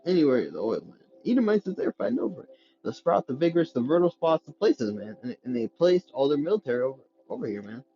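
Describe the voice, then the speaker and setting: A man's voice: a little high, big pitch swings, quick pace, warm tone, dull audio, faint music behind. A man reading scripture aloud with stumbles and restarts, then breaking into slangy street-style commentary as a preacher. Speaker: scripture teacher.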